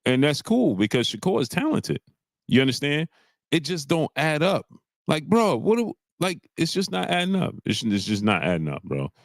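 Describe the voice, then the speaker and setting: A man hosting a casual boxing livestream, animated and exasperated, reading out viewer messages. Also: fairly high pitch, no room sound, clean studio sound. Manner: animated, exasperated, drawn-out "bro". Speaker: livestream host.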